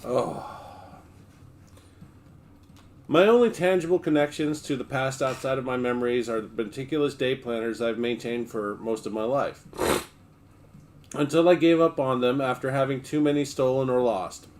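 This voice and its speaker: A man hosting a livestream, reading a memoir aloud in a steady, relaxed first-person voice. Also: mid-range voice, moderate pace.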